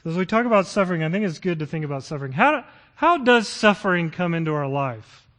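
Middle-aged male pastor, fairly high voice, earnest sermon delivery that swells into fervent scripture reading. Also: big pitch swings, fast talker, a bit bright.

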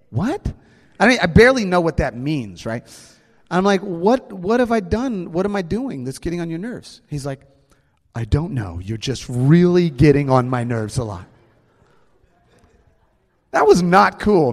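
A man's voice: fairly high pitch, big-room sound. A man in his thirties, a pastor preaching a sermon in a conversational, joking way with the congregation.

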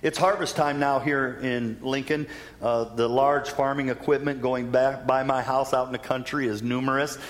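A male pastor preaching a sermon in a church, telling the story in an animated way and changing his pace for emphasis. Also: medium pitch, moderate pace. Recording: long church reverb.

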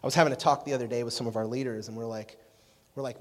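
A man preaching a youth sermon in a casual, animated storytelling way, often asking "right?" to keep the room with him. His voice sits at an ordinary middle pitch. It carries a long reverb from a church hall. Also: rapid-fire. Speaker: youth pastor.

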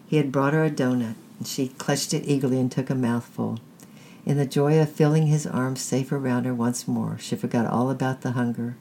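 A storyteller reading a children's story aloud in a measured, deliberate way. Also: mid-range voice, vocal fry, darkish tone, a little hiss or hum. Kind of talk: scripted narration of a children's story.

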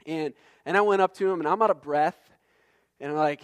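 A man in middle age preaching a sermon, his voice sitting a little high for a man. He talks earnestly and conversationally, with frequent restarts. The sound is dry and close, with no room around it. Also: fairly quick, clear, resonant tone, no echo. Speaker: pastor.

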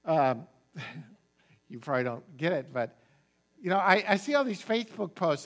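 A pastor preaching a sermon, telling a story with joking asides. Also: male voice, fairly high pitch, a little slow, pauses often. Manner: animated storytelling with asides and jokes.

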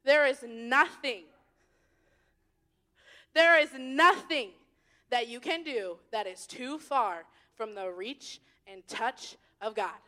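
A young woman leads a youth sermon in a bubbly, chatty way. Her voice sits high and bright, and she jumps between loud, excited bursts and hushed asides. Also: slow. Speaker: youth leader.

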